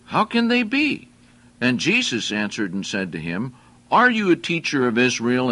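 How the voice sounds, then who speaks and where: A man preaching a sermon, teaching verse by verse in a slow, deliberate way and putting questions to his listeners. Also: mid-range voice, sharp tone. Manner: slow, deliberate, explains Greek words and asks the listeners questions.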